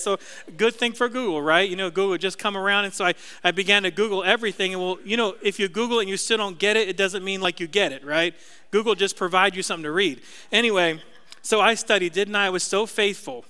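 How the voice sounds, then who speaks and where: A man's voice: sits high, fast, sharp tone, clean tone, big-room sound. A middle-aged man, a pastor, preaching a sermon in a conversational, self-deprecating storytelling way.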